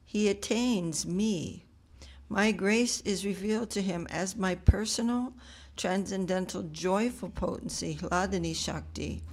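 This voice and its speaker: A woman reads a scripture passage aloud to a study group. She speaks carefully and takes her time over each phrase. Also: mid-range voice. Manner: slow, careful reading. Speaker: reader.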